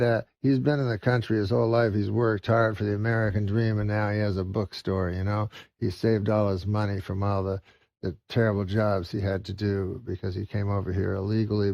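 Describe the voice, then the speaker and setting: A man from Canada, a comedian, telling a long joke in a rambling, deadpan way. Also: on the low side, brisk, vocal fry, no room sound, muffled recording. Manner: rambling, deadpan, many uhs.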